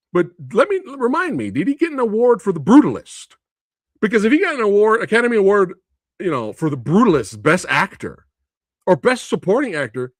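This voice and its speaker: A man's voice: sits high, no room sound, clean studio sound. A man hosting a live movie review stream, ranting in disbelief, laughing often, swearing and answering viewer comments. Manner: animated, incredulous ranting with frequent laughs and swearing.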